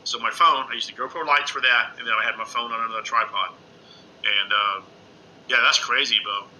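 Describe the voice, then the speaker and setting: A middle-aged man talks casually to viewers on a home livestream, rambling and excitable, full of fillers. His voice is very bright and sharp. A faint noise sits under the recording. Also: medium pitch, a little fast, poor audio. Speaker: ghost-hunting live streamer. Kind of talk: casual live-stream chat with viewers. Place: indoors at home under a lamp.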